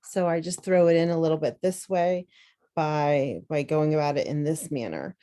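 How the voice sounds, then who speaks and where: A woman teacher, slowly and carefully sounding out words in an instructional demonstration. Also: low-pitched, warm tone, rough recording. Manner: slow, deliberate, sounding out words.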